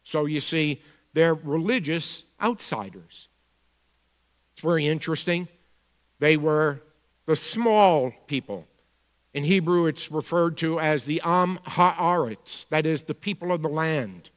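A pastor with a Bronx accent preaching a sermon, moving between quiet asides and emphatic points. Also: male voice, fairly high pitch, slow pace, in a large hall.

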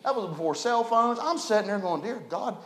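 A man preaching a folksy storytelling sermon, animated and building to emphatic preaching. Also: sits high, brisk. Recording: echoey room.

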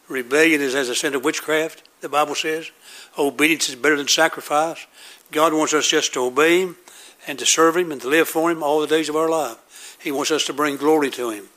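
A man delivers a sermon in a bright, forceful voice that sits slightly high. He preaches earnestly, circling back to the same questions and answering them himself. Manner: earnest, repetitive call-and-response preaching.

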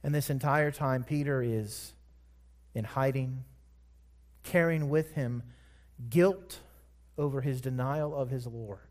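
A man preaching a sermon, retelling a scripture story with emphatic, drawn-out words. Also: mid-range voice, darkish tone.

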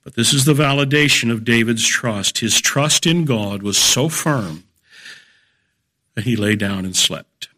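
Middle-aged guy teaching a bible lesson, bright clear voice, measured and emphatic. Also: medium pitch. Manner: measured, emphatic, explains verse by verse. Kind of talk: expository Bible lecture.

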